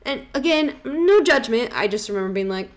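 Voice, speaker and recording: A woman's voice: on the high side, animated, a little fast. A woman hosting a podcast, telling travel stories in a rambling, casual way, full of fillers. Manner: rambling, full of "like" and "you know". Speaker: podcast host.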